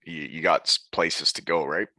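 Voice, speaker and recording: A man's voice: a bass voice, steady tone, normal speed, bright, forceful tone, no room sound. A man hosting a podcast in casual chat, easygoing and chatty, talking on a close mic. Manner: easygoing, chatty, jokes and puts on mock German phrases. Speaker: podcast host.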